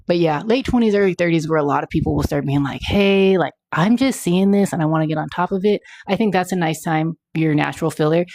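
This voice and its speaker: A woman's voice: low-pitched, vocal fry, darkish tone, no echo. A young woman, an aesthetic nurse practitioner, answering questions in a chatty, emphatic live Q&A full of "like". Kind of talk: casual live Q&A.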